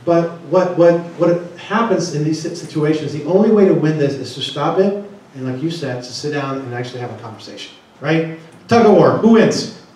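A man's voice: fairly high pitch, expressive, normal speed, darkish tone, slight background noise. A man giving a seminar talk to an audience, often putting questions to the room. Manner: asks the audience many questions. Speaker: conference speaker. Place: large conference room. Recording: echoey room, distant mic.

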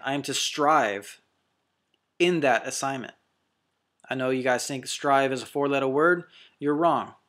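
A man's voice: a little high, a bit bright. A man preaching as a deliverance minister, fervent and confrontational, hammering out short repeated declarations. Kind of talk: preaching sermon to camera.

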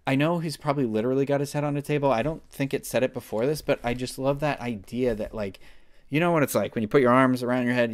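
A man in his thirties giving a casual, enthusiastic book review, rambling with lots of fillers and restarts. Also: mid-range voice. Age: 30s. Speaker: book club vlogger.

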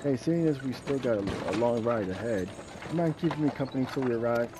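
A man's voice: mid-range voice, lively intonation, brisk, noisy background, close to an everyday voice. A man voicing a talkative old male peddler with a rustic put-on accent, reading game lines aloud and stumbling at times. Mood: folksy. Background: game music.

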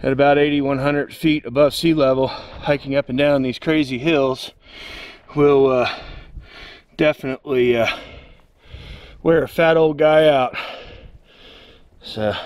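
A man's voice: mid-range voice, steady tone, measured pace, long pauses, a little mellow, clear, resonant tone, no echo. A middle-aged man out of breath from hiking, chatting self-deprecatingly in a casual travel vlog from a cold canyon at sunrise. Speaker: travel vlogger.

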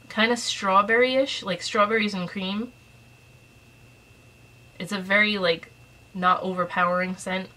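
A woman's voice: mid-range voice, steady tone, a little slow, pauses often, pushed and bright, poor audio. A woman vlogging at home, chatting casually through an unboxing, a little out of breath and mildly stuffed up, with a camera resting on a shelf. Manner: chatty and rambling, with fillers.

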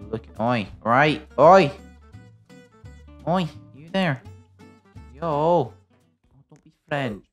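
A British man commenting on his own gameplay as a video creator, jokey and excitable, breaking into sudden loud yelps. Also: medium pitch, slow pace, long pauses, faint music behind. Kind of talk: playing a game and commenting.

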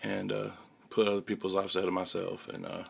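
Young man, low gravelly voice, halting casual vlog to camera. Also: little pitch movement, fairly bright tone. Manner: halting, many restarts and fillers. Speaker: vlogger. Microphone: handheld camera mic.

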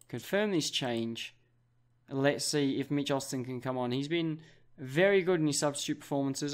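A young Australian man commentating his football management game, with excitable play-by-play. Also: a little high. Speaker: gaming YouTuber.

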